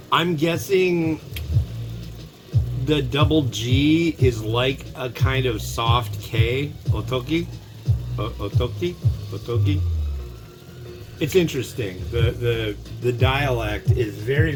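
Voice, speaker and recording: A man chats casually in his home kitchen while noodles cook, drifting from topic to topic in a relaxed, rambling way. His voice sits at an ordinary middle pitch. Music plays in the background. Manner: rambling, easygoing, chatty asides. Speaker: host of an instant noodle cooking show. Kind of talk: casual cooking vlog chat.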